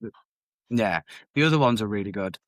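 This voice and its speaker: A man's voice: on the low side, expressive, fairly quick, no echo. A man in his thirties co-hosting a casual podcast, talking in a laid-back, rambling way with casual swearing. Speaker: podcast co-host. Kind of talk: casual chat.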